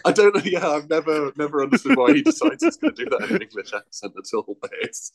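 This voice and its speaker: A man's voice: a little high, wildly swooping pitch, fast talker, gravelly. A man on a podcast, retelling movie scenes animatedly and quoting characters in put-on voices. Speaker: podcast guest. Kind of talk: casual film recap chat.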